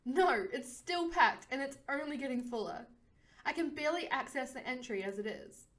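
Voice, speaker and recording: A woman reads a story game aloud for her viewers and voices the main character herself. Her delivery is expressive, and she often laughs as she reads. Her voice sits on the higher side. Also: moderate pace. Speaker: game streamer. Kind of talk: reading a visual novel aloud.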